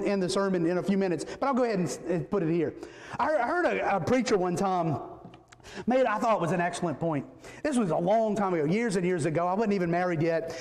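A male pastor preaching a sermon in a folksy, joking way, often repeating words as he goes. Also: high-pitched. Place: church sanctuary. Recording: echoey church hall reverb.

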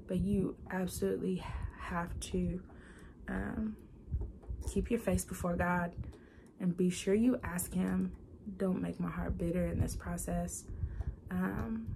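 A young woman records a heartfelt video diary, speaking slowly and earnestly with plenty of pauses and restarts. Her voice has a gravelly, creaky texture, and a faint ambient hiss sits beneath it. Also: lowish voice. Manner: earnest, confiding, many fillers and restarts.

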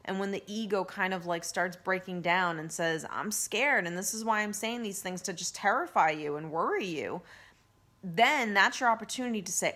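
A woman life coach giving casual self-help advice to camera, earnest and gently coaching, with lots of fillers. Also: mid-range voice, moderate pace. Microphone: handheld phone camera.

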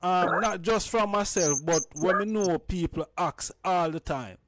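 A man's voice: high-pitched, a little slow, fairly bright tone, dry recording. A man with a Jamaican accent hosting a reasoning, asking questions in a hesitant way full of fillers. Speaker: host. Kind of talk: casual reasoning.

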